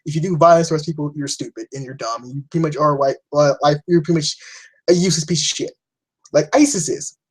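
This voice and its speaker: A man's voice: fairly high pitch, fast talker, breathy edge, poor audio. A young man giving a rambling, blunt opinion rant to camera, swearing often and restarting his sentences. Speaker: vlogger.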